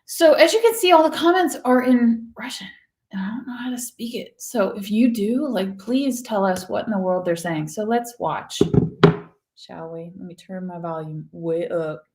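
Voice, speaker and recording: A woman hosting a casual online show, chatting through odd news stories with lively, joking asides. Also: mid-range voice, slight background noise. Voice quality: animated, chatty, quick to laugh. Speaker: show host. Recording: roomy echo.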